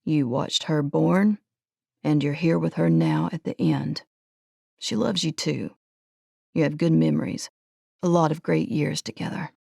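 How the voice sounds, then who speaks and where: A woman voicing an older ranch foreman, fatherly and steady. He speaks low, slow and gently, with a gravelly texture. The sound is dry and close. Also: dry recording, full character voice. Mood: gentle.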